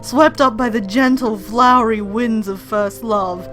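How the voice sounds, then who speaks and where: A woman voicing a vain, theatrical male bird villain from a game, speaking in grandiose, drawn-out phrases. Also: on the high side, a bit bright, faint music behind. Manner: pompous, grandiose, drawn-out speech.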